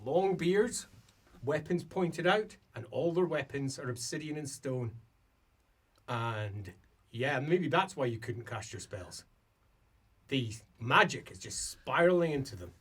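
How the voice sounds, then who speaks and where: A man's voice: mid-range voice, unhurried, slightly rough. A man narrating as a playful game master. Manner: lively, playful, laughing narration.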